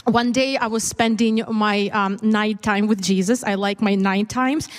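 A woman preacher, herself a mother, shares a candid personal testimony during a church sermon, talking conversationally with many fillers and restarts. Her mid-range voice is steady and unhurried, and the sound carries the echo of a big room.

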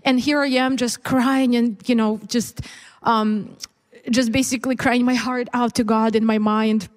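A woman's voice: on the high side, fairly even intonation, a little slow, long reverb tail. A woman preacher and mother giving a candid, conversational testimony in a sermon, with many fillers and restarts. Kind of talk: personal testimony within a sermon. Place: church service.

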